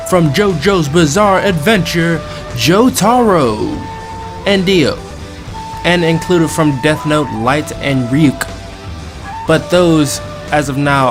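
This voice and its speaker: Give me an upbeat male gaming host with a fairly high voice, talking over music. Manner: upbeat, casually self-deprecating. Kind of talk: gaming video update. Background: background music.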